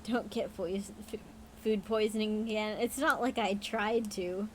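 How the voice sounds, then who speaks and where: A woman's voice: medium pitch, fairly even intonation, measured pace, a little hiss or hum, low-quality recording. Hiccuping woman reading spooky stories. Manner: frank and profane, with laughing asides. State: has the hiccups; tired. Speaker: livestream host. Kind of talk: reading spooky stories aloud, with casual chat.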